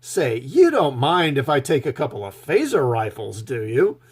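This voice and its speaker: A man's voice: mid-range voice, big pitch swings, normal speed, husky. A man mimicking a breezy, flippant woman vigilante in a mocking, offhand tone. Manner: offhand, sarcastic.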